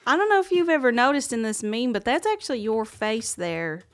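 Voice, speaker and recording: A woman guest on a comedy podcast, trading quick, dry jokes with the host. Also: on the high side, sing-song. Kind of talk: casual comedic chat.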